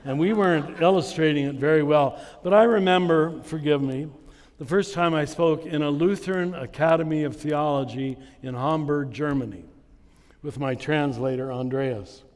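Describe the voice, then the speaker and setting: A man giving a spiritual conference talk to a live audience. He tells stories at an unhurried pace and chuckles at his own anecdotes. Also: on the high side, in a large hall. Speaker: conference speaker. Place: large hall with a live audience.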